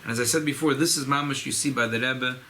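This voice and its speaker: A rabbi, speaking informally at a farbrengen gathering, often repeating and restarting phrases. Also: male voice, mid-range voice, steady tone, quick pace, sharp tone, a little hiss or hum, poor audio. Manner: repetitive, restarts phrases, mixes Yiddish and Hebrew terms. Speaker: rabbi giving a farbrengen talk. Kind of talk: informal Chassidic talk at a gathering.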